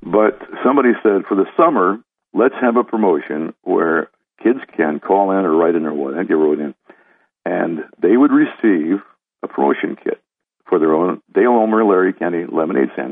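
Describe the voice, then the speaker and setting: Gravelly low-voiced older man on phone. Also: no room sound. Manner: rambling, chuckling storyteller. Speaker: former disc jockey. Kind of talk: reminiscing interview. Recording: dry tinny phone line.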